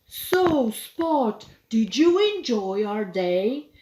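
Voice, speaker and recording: A patient dad dog, as a woman puts him on, talks calmly and guides his pup along. He speaks slowly and steadily. The recording has a roomy echo. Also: a little high, voice pushed down, full character voice. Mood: gentle. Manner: calm, gently guiding. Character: patient, kindly puppy father.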